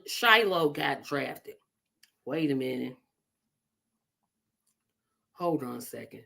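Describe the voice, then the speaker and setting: A middle-aged woman hosting a live online talk show, giving casual, opinionated commentary with emphatic, animated delivery and talking straight to her viewers. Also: very deep voice, slow, gravelly, long pauses.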